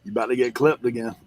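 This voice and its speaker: A man's voice: mid-range voice, breathy edge, no echo, low-quality recording. A man chatting casually about reselling, telling stories and laughing often. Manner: laughs often, animated storytelling.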